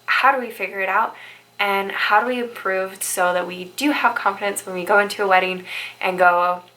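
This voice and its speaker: A woman's voice: mid-range voice, steady tone, moderate pace, sharp tone, poor audio. A young woman who works as a bridal stylist, giving upbeat, chatty motivational advice and often checking in with "right?". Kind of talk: motivational vlog talk.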